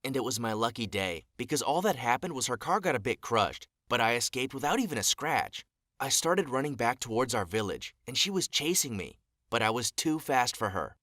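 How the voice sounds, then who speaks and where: A young man narrating an animated story in an earnest, dramatic storytelling manner, recalling his childhood. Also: medium pitch, fairly quick, no echo, studio quality.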